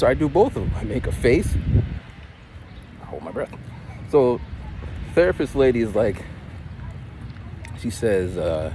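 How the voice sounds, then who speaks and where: A man walks down a city street and talks to his phone camera in a loose, storytelling way. His pitch swings up and down a lot. Clear traffic and street noise run under his voice. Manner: chatty, storytelling, animated. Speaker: vlogger. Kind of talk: casual vlog monologue.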